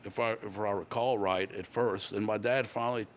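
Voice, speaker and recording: A man in his sixties from Louisiana, a guest musician telling stories in a relaxed interview, rambling along unhurriedly with many fillers. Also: on the low side, moderate pace, slight background noise.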